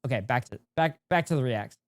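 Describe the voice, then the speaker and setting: A man's voice: medium pitch, lively intonation, quick pace, no room sound. A young man streaming, chatting casually and ranting with heavy swearing and sarcasm. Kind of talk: casual stream chat, reacting and reading chat.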